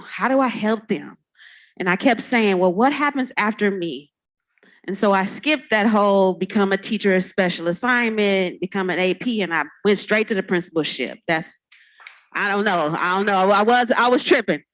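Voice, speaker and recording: A woman's voice: medium pitch, low-quality recording. A woman from California giving a heartfelt, playful award acceptance speech on an awards ceremony stage. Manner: heartfelt, playful, speaks to the crowd.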